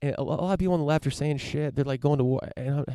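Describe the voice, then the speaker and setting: A man's voice: fairly high pitch, racing, mellow, clear, resonant tone, no echo, clean studio sound. A young man hosting a podcast, rambling through a casual profane rant with lots of restarts and fillers. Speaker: podcast host.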